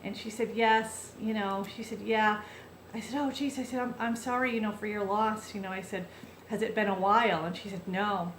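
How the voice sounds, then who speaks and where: A woman's voice: medium pitch, steady tone, normal speed, a little hiss or hum. Woman vlogging a heartfelt story, lots of "you know", echoey room. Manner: chatty, heartfelt, many fillers and restarts. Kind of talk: casual personal storytelling to camera.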